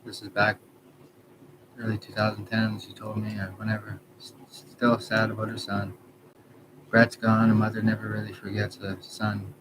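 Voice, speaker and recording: A man in his thirties from Canada, talking in a halting, rambling personal monologue, trailing off and correcting himself. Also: fairly low pitch, monotone. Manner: halting, trails off, many restarts and self-corrections. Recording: background noise.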